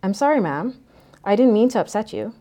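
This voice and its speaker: A man's voice: sits high, warm tone, pitched above the performer's own voice, natural voice. A woman voicing a nervous, apologetic masked male burglar who speaks politely and in a hurry. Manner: hurried, polite, words tumbling out.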